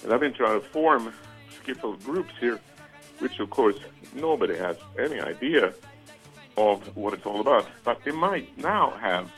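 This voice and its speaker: A man from Sweden, leaving a friendly, unhurried voicemail for a radio show. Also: mid-range voice, animated, a bit bright, soft background music. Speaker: caller.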